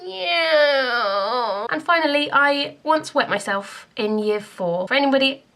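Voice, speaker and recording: A woman's voice: high-pitched, expressive, normal speed, fairly bright tone. A young woman from Scotland, talking to camera in a chatty, self-deprecating vlog. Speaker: YouTuber.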